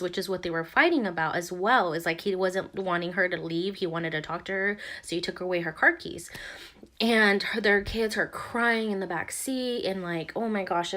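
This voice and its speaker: A woman's voice: medium pitch, bright, forceful tone. A young woman vlogger casually recounting a tense morning, rambling with lots of fillers and restarts. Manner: rambling, filler-heavy retelling with many "like"s. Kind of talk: casual storytelling.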